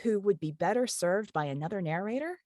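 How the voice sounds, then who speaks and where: A woman's voice: medium pitch, animated, fairly quick, a little mellow, dry recording, clean studio sound. A woman with a Southern American cadence, an audiobook narrator chatting easily in an interview, with many fillers. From Kentucky. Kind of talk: casual interview chat.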